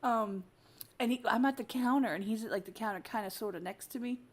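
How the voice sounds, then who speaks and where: A woman's voice: fairly high pitch, fairly quick. An American woman hosting a casual podcast chat, laughing often and swearing freely as she tells stories. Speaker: podcast host.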